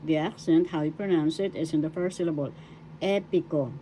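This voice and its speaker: An older woman from the Philippines with a Filipino accent, teaching a language lesson slowly and repeating words syllable by syllable. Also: low-pitched, steady tone, dark tone, a little hiss or hum, low-quality recording. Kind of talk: slow spelled-out pronunciation lesson.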